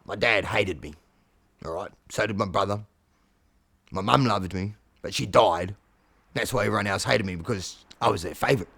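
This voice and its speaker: A man's voice: lowish voice, moderate pace, vocal fry, slightly rough, dry recording, voice pushed down, full character voice. A man voicing a boastful, foul-mouthed three-legged male cat prince telling his war story. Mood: sulky. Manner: swearing, deadpan boasting.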